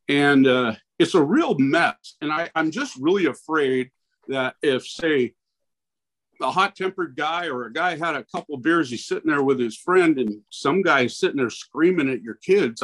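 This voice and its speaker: A man's voice: a little high, breathy edge. Worried man rambling at a public meeting. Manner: rambling, worried, many restarts. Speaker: local business owner.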